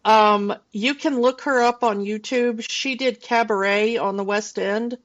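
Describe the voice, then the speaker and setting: A woman's voice: fairly high pitch, steady tone, a little slow, muffled recording. A woman in her forties, co-hosting a casual film podcast and rambling loosely with plenty of fillers and restarts. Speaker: podcast co-host.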